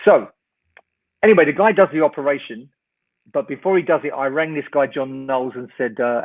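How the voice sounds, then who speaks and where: An older man, a rock singer appearing as a guest in an interview, tells a long anecdote as a lively, wry raconteur, acting out both sides of the dialogue. He speaks a little fast at a medium pitch, and the audio comes through a tinny, phone-like line.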